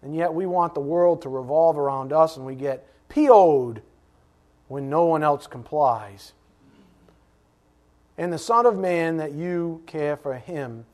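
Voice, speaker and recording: A middle-aged man preaching a sermon, animated, asking rhetorical questions and dropping suddenly to a hush. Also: high-pitched. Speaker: pastor.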